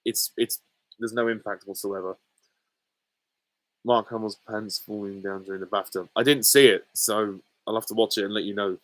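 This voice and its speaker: Low-voiced man rambling through viewer questions. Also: fairly even intonation, moderate pace, a bit bright, no room sound, rough recording. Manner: rambling, hesitant, many ums and chuckles. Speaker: channel host answering viewer questions. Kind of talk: casual Q and A chat.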